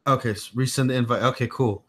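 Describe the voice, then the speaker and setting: A man's voice: medium pitch, fairly even intonation, fast talker, fairly bright tone, a little hiss or hum. A man hosting a tech livestream from home in a loose, rambling way. He repeats himself and breaks off to talk to his small son. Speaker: tech channel host. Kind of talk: casual livestream chat.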